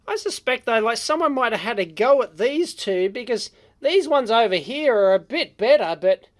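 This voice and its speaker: Excitable Australian woman hosting an electronics vlog. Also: a little high, moderate pace. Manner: blunt, excitable, with frequent exclamations and fillers. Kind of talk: casual unscripted teardown commentary.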